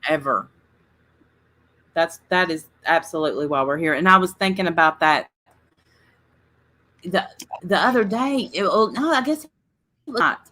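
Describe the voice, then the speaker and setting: A woman's voice: lowish voice, lively intonation, normal speed, long pauses, pushed and bright. A woman hosting a casual livestream chat, rambling through stories and speaking straight to her viewers. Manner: chatty, rambling storyteller. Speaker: livestream host.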